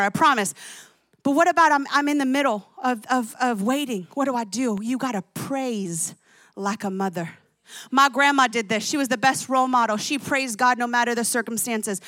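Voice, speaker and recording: A woman's voice: on the high side, fairly bright tone, no room sound. A woman in her thirties preaching a sermon, telling stories with emphatic, exclamatory delivery. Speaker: pastor.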